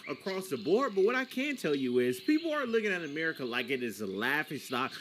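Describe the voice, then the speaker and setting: A man's voice: a little high, sing-song, brisk, a bit bright, slight background noise. Emphatic man addressing his viewers. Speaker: channel host. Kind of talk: commentary to viewers.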